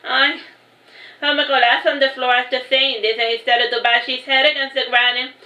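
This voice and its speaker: A woman's voice: high voice, steady tone, brisk, sharp tone. A woman reading her own novel aloud as an audiobook narrator, unpolished, with frequent restarts. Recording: roomy echo.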